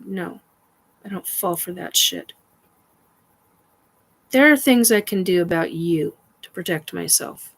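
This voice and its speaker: A woman's voice: lowish voice, low-quality recording. A woman hosting a casual paranormal chat stream, rambling with many fillers, defiant and swearing.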